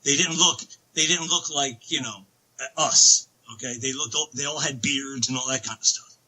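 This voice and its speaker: A man telling a long story as a podcast guest, excitable and rambling, with many restarts. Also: mid-range voice, moderate pace, slightly rough, low-quality recording. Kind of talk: casual storytelling.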